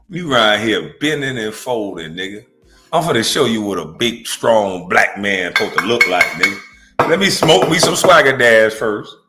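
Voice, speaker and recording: Host, male, 40s: brash, profane roast talk, mid-pitched, faint music under. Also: pushed and bright. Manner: brash, trash-talking, laughs often. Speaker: livestream host. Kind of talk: profane comedic reaction stream.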